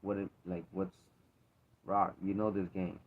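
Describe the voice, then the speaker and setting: Earnest man, low voice, dull recording. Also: level tone, measured pace, slight background noise. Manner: earnest, repetitive, emphatic. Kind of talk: casual faith talk.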